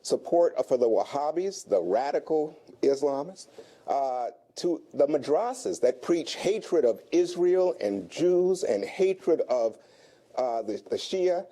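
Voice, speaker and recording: A man's voice: a little high, animated, takes it slowly, mellow. A man arguing his case on a televised political panel, pushing back with emphatic points. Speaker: political commentator. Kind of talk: broadcast panel discussion.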